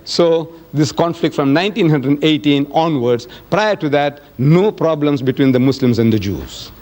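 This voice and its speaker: Animated older male public speaker. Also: on the high side, moderate pace. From South Africa. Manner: animated storytelling, acting out quoted exchanges. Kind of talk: public lecture with audience questions.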